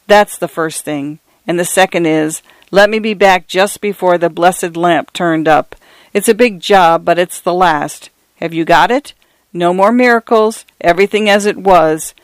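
A man voicing a panicky ordinary little clerk, pleading and shouting at a storm. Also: high-pitched, clean tone, dry recording.

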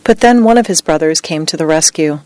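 A woman reading a true story as scripted narration, with a measured, even delivery. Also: sits low, no echo.

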